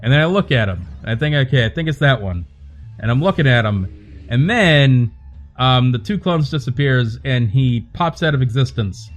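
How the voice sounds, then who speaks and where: A man hosting a livestream, chatting casually to viewers in a calm, soothing voice and rambling from joke to joke. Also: mid-range voice, normal speed, soft background music. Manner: rambling, joking, talks to chat by name. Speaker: livestream host.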